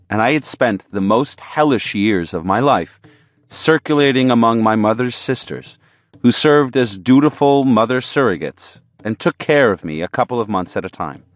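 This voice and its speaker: A man narrating an audiobook in the first person, with a measured, earnest storytelling manner. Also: medium pitch, no echo.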